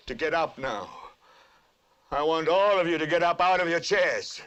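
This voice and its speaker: An actor playing a furious middle-aged TV news anchor who rants on air in an impassioned, shouting tirade, hammering home repeated commands. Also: male voice, sits high. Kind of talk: 1970s film drama acting.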